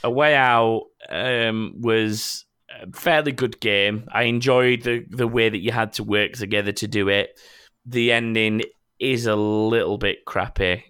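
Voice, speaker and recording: Bright-voiced man hosting a gaming podcast. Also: on the low side, fairly even intonation, unhurried, smooth. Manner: rambling, joking, swears casually. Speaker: podcast host. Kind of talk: casual gaming podcast chat.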